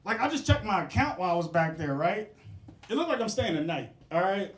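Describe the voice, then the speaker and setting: A young male stand-up comedian works a comedy club stage with a profane set, riffing with the crowd and cracking himself up. His voice sits high with big pitch swings, and he talks fast. The recording has a roomy club sound.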